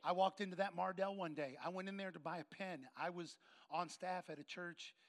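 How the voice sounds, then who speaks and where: A man preaches through a personal story. His voice sits high and carries a gravelly edge. He leans into the quoted lines and voices each person in turn. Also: fairly quick. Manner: animated storyteller acting out dialogue. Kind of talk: sermon storytelling.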